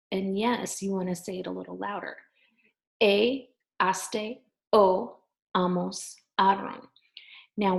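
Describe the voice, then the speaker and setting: Woman, teacher, gravelly voice, patient, slow repetition of endings. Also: mid-range voice, poor audio. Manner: patient, repeats verb endings slowly. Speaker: Spanish teacher. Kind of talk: recorded class lesson.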